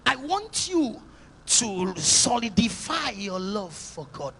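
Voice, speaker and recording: A man from Nigeria, a pastor preaching a sermon at a church service, swinging between loud exhortations and soft urgent passages, with faint music behind. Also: sits high, sing-song, takes it slowly, a little hiss or hum.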